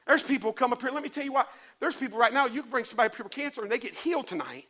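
A man preaching a sermon in church, folksy and colloquial, swinging from hushed asides to shouted exhortation. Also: extremely high pitch, animated, rapid-fire.

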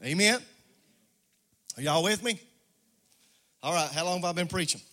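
A man's voice: sits high, expressive, normal speed, sharp tone. A man preaching a call-and-response sermon, calling on the congregation by name, with a sing-song rise in intensity. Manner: calls on congregation members by name. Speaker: pastor.

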